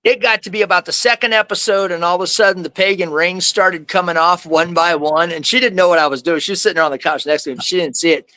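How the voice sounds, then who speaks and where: A man's voice: high voice, steady tone, fast talker, few pauses, pushed and bright, no room sound. A man telling his faith testimony as a guest, in a rambling, slangy way, often saying "man" and "like". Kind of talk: casual storytelling.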